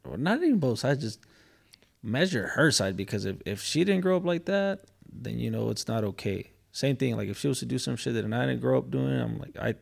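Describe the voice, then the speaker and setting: A man's voice: mid-range voice, lively intonation, a little fast, creaky. A man chatting casually on a podcast, laid-back and slangy, swearing freely.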